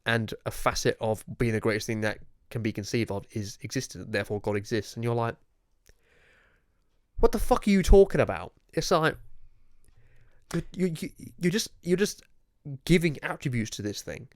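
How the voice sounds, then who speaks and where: Young guy ranting casually, swears, mid-pitched voice, dry close sound. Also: moderate pace, dry recording. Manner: excitable, swears, mocking asides. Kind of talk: casual chat.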